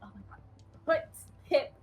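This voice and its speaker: A woman playing her character in a tabletop game, animated and laughing as she talks. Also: normal speed, dull audio. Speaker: player.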